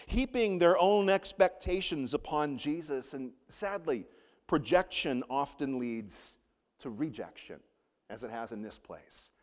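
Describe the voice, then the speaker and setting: A man delivers a sermon with an expressive, dramatic preaching manner. He pauses for effect and slows down when quoting. His fairly high voice rings out with a long hall reverb. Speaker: pastor.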